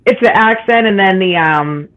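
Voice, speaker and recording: Boston lady, raspy deep voice, talks super fast, laughs a lot. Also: fairly bright tone, dull audio. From Boston, USA. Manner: fast-talking, laughs easily. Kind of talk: casual chat.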